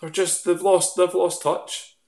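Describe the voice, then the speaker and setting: A man's voice: sits high, level tone, a little slow, vocal fry, darkish tone, roomy sound. A Scottish man chatting casually as a radio guest, rambling with fillers and restarts. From Scotland. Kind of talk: casual chat.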